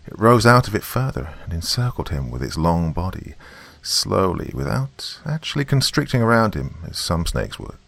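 Deep-voiced man narrating a story. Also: creaky, fairly bright tone, no echo. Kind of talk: scripted fantasy story narration.

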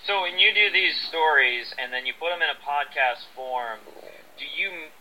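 An actor chats casually as a guest on a podcast, firing off friendly questions and plugging his show. His voice is very bright and sharp, sitting a little high for a man. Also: normal speed, rough recording. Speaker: actor guest promoting a series. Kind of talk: casual interview chat.

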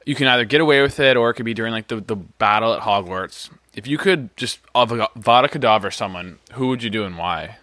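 A man's voice: medium pitch, brisk, few pauses, sharp tone, no echo, clean studio sound. A man co-hosting a casual podcast, chatting in an easygoing way. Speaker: podcast co-host. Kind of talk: casual chat.

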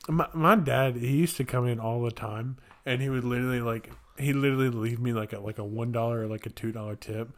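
Young man telling a lively story. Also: medium pitch, fast talker, few pauses. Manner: animated storyteller, acts out kids' voices. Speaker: podcast co-host. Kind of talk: casual chat.

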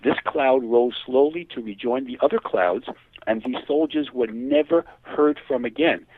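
A man being interviewed as a hypnotherapist guest, telling cases in a lively way and acting out the quoted speech. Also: medium pitch, normal speed. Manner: animated, acts out quoted dialogue. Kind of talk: phone interview storytelling. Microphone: telephone. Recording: tinny dry phone line.

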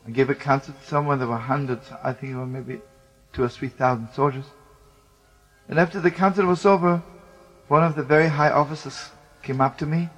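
A man telling a story with fervent emotion, sometimes dropping to a hush and sometimes singing phrases. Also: mid-range voice, in a large hall, poor audio. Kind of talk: spoken storytelling with sung phrases.

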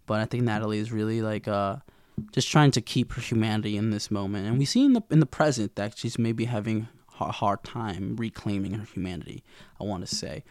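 A man's voice: lowish voice, brisk, a little mellow, dry recording, studio quality. A young man casually recapping a TV episode in a slangy, rambling way, acting out the characters' lines. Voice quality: gravelly, with vocal fry.

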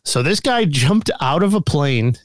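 A man co-hosting a loose podcast chat, telling stories in a rambling way full of fillers and little laughs. His voice is smooth and resonant, a touch higher than most men's, and the sound is dry and close. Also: big pitch swings, unhurried, no echo. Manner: rambling storyteller, filler-heavy, laughs often. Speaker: podcast co-host. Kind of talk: casual chat.

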